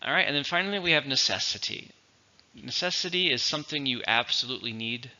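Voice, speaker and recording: Gravelly, bright-toned male English teacher. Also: medium pitch, highs cut off. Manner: slow, clear teacherly explanations. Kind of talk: vocabulary lesson.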